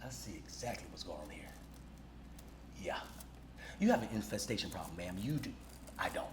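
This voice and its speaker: A man playing a calm, cocky exterminator in a low, hushed, unhurried voice during a told story. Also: echoey room, noisy background. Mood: cool deadpan. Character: calm, deadpan male exterminator in character.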